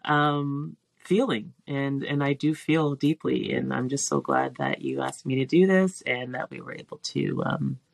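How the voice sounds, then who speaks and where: A middle-aged woman, a teacher and filmmaker, talking as a podcast guest in an earnest, emotional way, pausing with frequent ums and restarts. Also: extremely low pitch, lively intonation, vocal fry, no room sound. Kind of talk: reflective heartfelt conversation.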